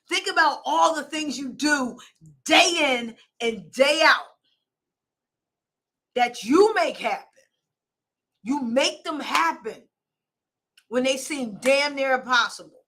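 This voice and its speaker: Expressive and a bit bright, this high-sitting voice takes its time, with long pauses between thoughts. It belongs to a life coach and show host streaming live via phone or camera, giving an emphatic, blunt pep talk that repeats key points and pushes listeners to do more.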